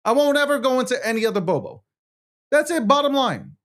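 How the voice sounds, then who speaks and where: A man's voice: very high-pitched, animated, a little fast, fairly bright tone. A man hosting a talk show, ranting in a profane, combative way as he reads social media posts aloud and argues back at them. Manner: profane, combative, heated rant. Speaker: show host.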